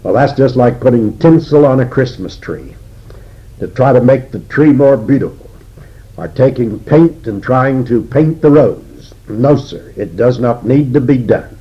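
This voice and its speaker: Older male Bible teacher, husky and unhurried, deliberate sermon delivery on a dull lo-fi recording. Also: mid-range voice, expressive. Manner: slow and deliberate, with frequent "uh" pauses. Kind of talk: expository sermon.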